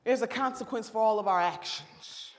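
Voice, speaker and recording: Fiery high-voiced woman speaking in a hall. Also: normal speed. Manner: fiery, preacher-like cadence with shouted repetitions. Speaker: convention speaker. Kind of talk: impassioned political speech. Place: large convention hall. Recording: long hall reverb.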